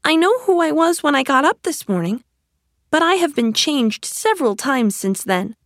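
A woman voicing Alice, a curious and polite little girl, in a high childlike voice for a storybook reading. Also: very animated, moderate pace, no echo, clean studio sound. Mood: polite, puzzled.

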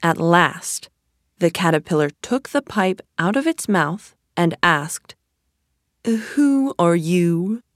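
A woman reading a children's story aloud in a gentle, deliberate storytelling manner. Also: lowish voice, lively intonation, no room sound, clean studio sound. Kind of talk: slow storybook narration.

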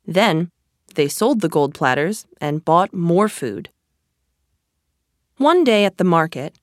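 A woman narrating a storybook in a slow, measured way. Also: on the low side, no echo, studio quality.

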